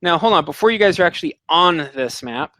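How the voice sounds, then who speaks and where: A game master narrating a tabletop adventure scene, describing it at length and filling pauses with ums and uhs. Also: mid-range voice, expressive, a bit bright, no echo, low-quality recording.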